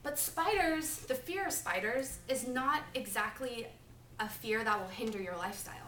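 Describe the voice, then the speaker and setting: Twenties girl doing a student sermon, lots of "like", bright voice, mic far off in an echoey classroom. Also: on the high side, normal speed, slight background noise. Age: 20s. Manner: chatty, animated, filler-heavy with lots of "like". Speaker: preaching student. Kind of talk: topical sermon with personal storytelling.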